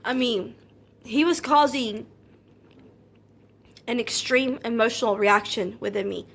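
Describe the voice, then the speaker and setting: A woman content creator talking straight to her viewers in a personal monologue, earnest and hurt, calm but anxious, often repeating herself. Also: a little high, vocal fry, breathy edge. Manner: calm and measured, not loud.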